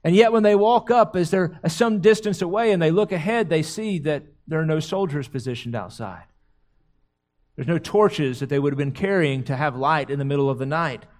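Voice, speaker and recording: A man's voice: fairly high pitch, moderate pace, darkish tone. A man preaching a sermon, retelling a scripture story dramatically, often repeating words as he goes. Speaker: pastor.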